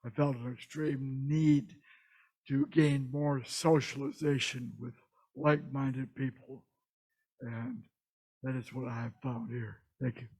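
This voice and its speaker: A man's voice: mid-range voice, fairly even intonation, slow, darkish tone, slightly rough, low-quality recording. A man giving a brief, sincere testimony at a church service. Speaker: church member. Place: church sanctuary.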